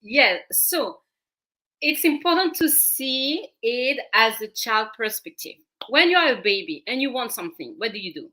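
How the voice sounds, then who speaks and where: Bright-voiced woman with a French accent. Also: a little high, big pitch swings, moderate pace. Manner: earnest, explanatory, repeats words when searching. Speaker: parenting coach guest. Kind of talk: talk show interview.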